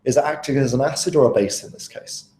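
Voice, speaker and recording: A man's voice: mid-range voice, quick pace, mellow. Casual young man tutoring, roomy sound. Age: young adult. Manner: casual, chatty, asks students questions. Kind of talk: live online tutoring session.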